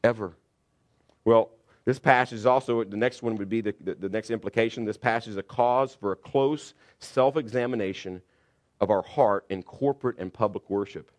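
A middle-aged man preaching a sermon, telling a personal story that swings from loud re-enacted shouting to quiet, confessional reflection. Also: lowish voice, normal speed. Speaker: pastor.

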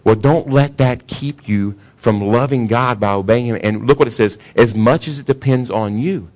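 A pastor preaching a sermon in a casual, conversational way, often asking the congregation questions. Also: male voice, medium pitch, moderate pace, a little mellow. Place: church sanctuary.

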